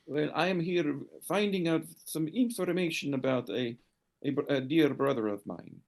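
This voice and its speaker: A man voicing an earnest foreign woman who searches for her lost brother, speaking broken English with many pauses. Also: fairly high pitch, creaky. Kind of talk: game master voicing a character.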